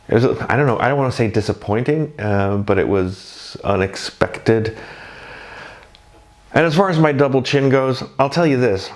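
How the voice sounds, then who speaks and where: A man talking casually about his first night in drag, rambling and self-deprecating. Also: mid-range voice.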